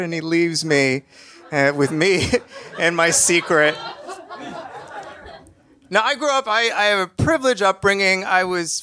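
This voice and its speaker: A man telling a comic personal story on stage, lively and self-mocking. His voice sits a little high and rings bright and sharp, and he plays his own fears for laughs. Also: clear, resonant tone.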